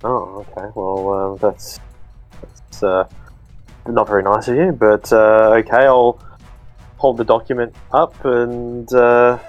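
A man's voice: medium pitch, fairly even intonation, slow, dull audio, soft background music. A man playing a tabletop game, talking casually and hesitantly with many fillers. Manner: hesitant, full of uh and um. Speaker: player.

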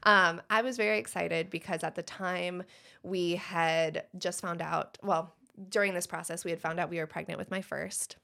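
A woman's voice: on the low side, fairly even intonation, normal speed, creaky, bright, forceful tone. A woman in her thirties, a dentist guest, telling a story in conversation and laughing often. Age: 30s.

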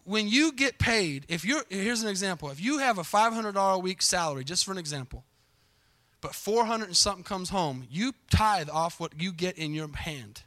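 Male pastor, high and bright, dry close mic, lively call-and-response sermon. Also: fairly quick, no room sound. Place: church sanctuary.

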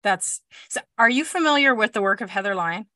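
A woman hosting a podcast conversation, energetic and thinking aloud, often adding "right?". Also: medium pitch, fairly quick, no room sound, studio quality. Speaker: podcast host. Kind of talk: conversational interviewing.

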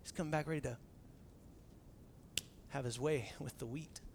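A young adult man preaching a sermon as pastor in a conversational, animated way, acting out the dialogue he quotes. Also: medium pitch, moderate pace, slight background noise.

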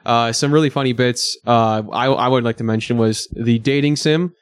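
A man's voice: mid-range voice, steady tone, moderate pace, clear, resonant tone, dry recording. A male podcast host chats casually and jokes with his guests. His voice sits in an ordinary middle range. The recording is close and dry. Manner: jokey, loose and chatty.

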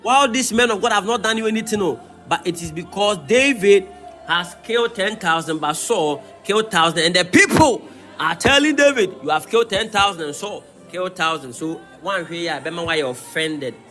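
A pastor preaches in a high, bright, ringing voice. He bursts into shouts and sings some phrases, with faint music under his sermon. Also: expressive, fairly quick.

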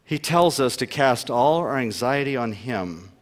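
A man preaching a sermon as pastor, emphatic, asking rhetorical questions and swinging between loud and soft delivery. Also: mid-range voice, expressive, measured pace. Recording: long reverb of a large hall.

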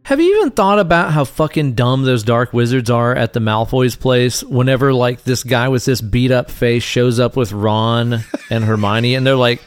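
A man's voice: medium pitch, moderate pace, few pauses, clear, resonant tone, no room sound. A man co-hosting a movie podcast in casual chat, jokey and profane, riffing on bits. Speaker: podcast co-host.

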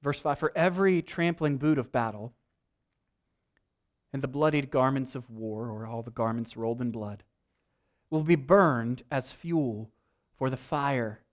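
A man preaching a sermon, retelling a scripture story in an animated, storytelling way, building to emphatic peaks. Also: medium pitch, unhurried, pauses often. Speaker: pastor.

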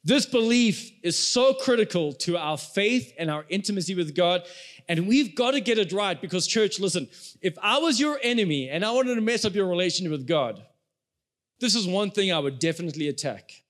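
A man's voice: high voice, expressive, fairly quick. A young adult man, a pastor, preaching a sermon in a conversational way and speaking straight to the congregation.

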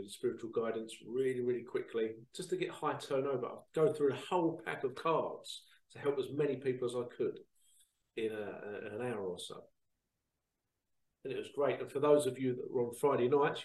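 A man's voice: medium pitch, far from the mic. Chatty man in a roomy space. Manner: chatty, repeats phrases, animated storytelling. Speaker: psychic reader and show host. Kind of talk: casual monologue to viewers. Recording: roomy sound, away from the mic.

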